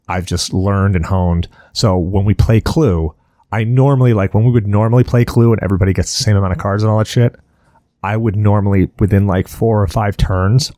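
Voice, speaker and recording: Dry, low-voiced podcast host rambling. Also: male voice, a little mellow, no echo. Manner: rambling, profane storytelling. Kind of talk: casual podcast chat.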